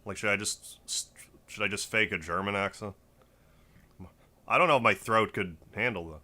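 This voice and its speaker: A man's voice: lowish voice, moderate pace, long pauses, sharp tone. A man chatting casually on a game livestream, greeting viewers by name between play. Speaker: game streamer. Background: faint game music.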